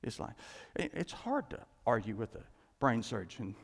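A man preaching a sermon, animated and excitable, with chuckles and many restarts. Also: medium pitch, moderate pace, gravelly, husky. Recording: long hall reverb.

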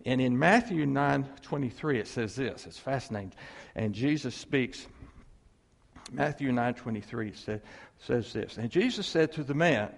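Gravelly pastor preaching in a reverberant hall. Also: male voice, fairly high pitch, normal speed. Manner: animated, acts out quotes, asks the congregation for replies. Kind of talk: sermon.

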